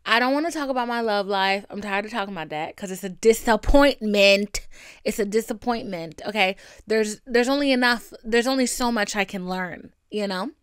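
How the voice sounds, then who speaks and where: A woman's voice: mid-range voice, brisk, few pauses, fairly bright tone, clear, resonant tone, no echo, clean studio sound. A young woman hosting her own podcast, venting in a candid, chatty and profane way full of asides. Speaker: podcast host. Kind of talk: casual solo venting podcast.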